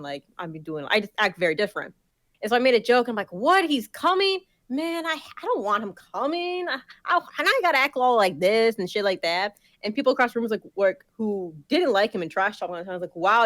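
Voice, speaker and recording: A woman's voice: mid-range voice, fairly bright tone, dry recording. A young woman in casual chat as a podcast co-host, telling a story full of swearing and acting out the people she quotes.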